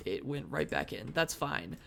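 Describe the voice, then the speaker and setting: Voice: medium pitch, gravelly, bright, forceful tone, slight background noise. A streamer thinking aloud through live gameplay, with mock-dramatic bursts of frustration. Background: faint background music.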